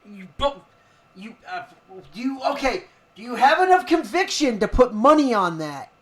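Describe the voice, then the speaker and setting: A mid-pitched co-host answers in short, easygoing bursts, laughing along with the banter. The talk stays loose and casual. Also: sing-song, normal speed, a bit bright. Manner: laid-back, laughs, short replies. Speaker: podcast co-host. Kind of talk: casual chat about fight picks.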